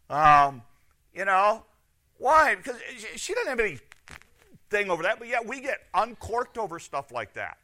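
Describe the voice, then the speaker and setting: A man delivers a lively sermon, firing off rhetorical questions. His voice sits a little high and rings bright and forceful, rising to loud points and dropping to hushed asides. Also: normal speed. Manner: animated, rhetorical questions, swings between loud and soft. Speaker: pastor.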